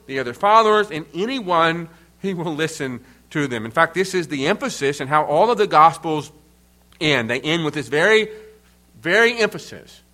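A man preaching a sermon in an earnest, emphatic way, pausing between phrases. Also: a little high, sharp tone. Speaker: pastor.

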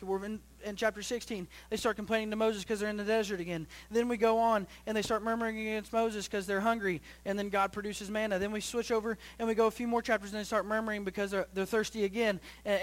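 A young man preaching a sermon to his church as pastor, swinging between loud rising bursts and low quiet stretches, often repeating and restarting phrases. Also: flat delivery, quick pace, hardly any pauses.

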